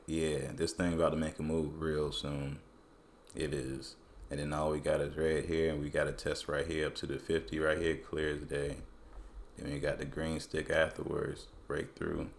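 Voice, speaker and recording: A man's voice: very deep voice, slight background noise. A man casually talking through crypto price charts in loose, colloquial speech. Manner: relaxed, colloquial, loose phrasing. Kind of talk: casual screen-recorded chart analysis.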